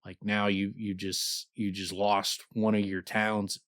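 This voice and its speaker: A man's voice: fairly low pitch, little pitch movement, a little slow, a bit bright. A man co-hosting a podcast, chatting casually about a book, rambling and swearing freely and reading passages aloud. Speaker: podcast co-host.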